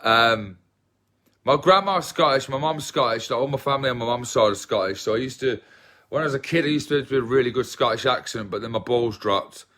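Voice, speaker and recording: A man's voice: mid-range voice, brisk, fairly bright tone. An English man with an English accent chatting casually with viewers on a livestream, self-deprecating and rambling. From England. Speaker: livestream host.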